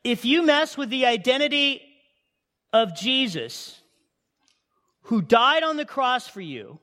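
A man preaching a sermon in a high, light voice that carries through a church hall, with a long reverberant tail on every phrase. He talks emphatically and conversationally, and keeps checking in with the congregation. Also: sing-song, slow, sharp tone. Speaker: pastor.

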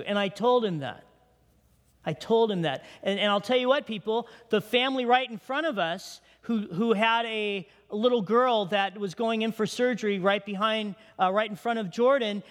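Middle-aged man, pastor, high voice, emotional sermon storytelling, long hall reverb. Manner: emotional storytelling, drops to hushed tones. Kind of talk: sermon testimony.

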